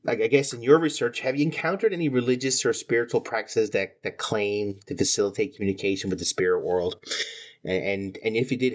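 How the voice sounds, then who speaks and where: A male interview host, framing questions hesitantly with repeated words. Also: lowish voice. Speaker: podcast host. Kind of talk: conversational interview.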